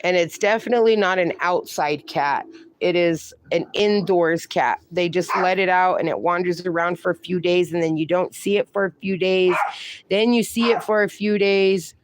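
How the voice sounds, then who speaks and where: A woman's voice: fairly low pitch, normal speed, background noise. A middle-aged woman hosting a casual livestream, reading viewer comments aloud and baby-talking to her dogs. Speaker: livestream host.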